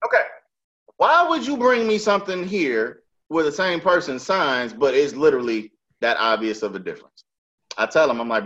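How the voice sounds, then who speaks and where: A man's voice: fairly high pitch, sing-song, normal speed, a bit bright, lo-fi sound. A male podcast host telling a story in casual chat, emphatic and profane, with heavy street slang.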